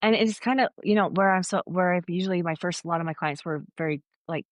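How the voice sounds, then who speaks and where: A woman's voice: on the low side, fast, no room sound. A woman guest on a podcast, earnestly telling a rambling story and acting out bits of quoted dialogue in conversation. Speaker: foot zoner, podcast guest.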